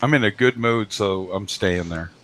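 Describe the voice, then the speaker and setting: A little hiss or hum accompanies the lowish, fairly bright voice of a man hosting a live stream, talking at a moderate pace. Over his home computer mic he chats casually, loose and jokey, swearing freely.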